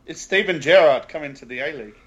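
Loud-mouthed aussie bloke ranting about football, cursing, bit high-pitched. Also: male voice, fast, slightly rough, muffled recording. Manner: blunt and excitable, heavy swearing. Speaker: podcast co-host. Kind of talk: casual sports chat.

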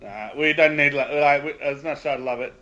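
A man in a casual football chat, blunt and excitable, swearing a lot. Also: on the high side, a little fast, dull audio. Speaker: podcast co-host.

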